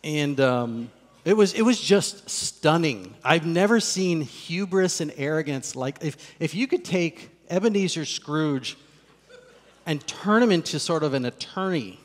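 A middle-aged male pastor preaching a sermon, telling a personal story in an animated, conversational way. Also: a little high, unhurried, big-room sound.

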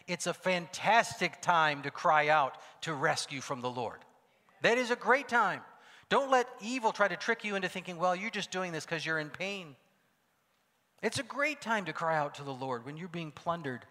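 A male pastor preaching a sermon, swinging from loud calls to hushed asides. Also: high voice. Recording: long hall reverb.

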